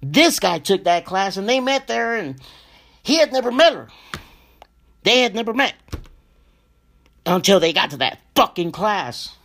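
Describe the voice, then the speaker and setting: A young man hosting a show, telling a personal story in a slow, emotional, profane way and often calling out to his listeners. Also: high-pitched, big pitch swings, vocal fry, a bit bright. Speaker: podcast host.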